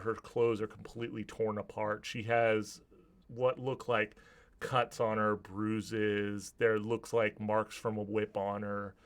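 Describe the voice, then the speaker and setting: A man's voice: fairly low pitch, fairly bright tone. A man narrating a tabletop game as game master, describing scenes vividly with some restarts.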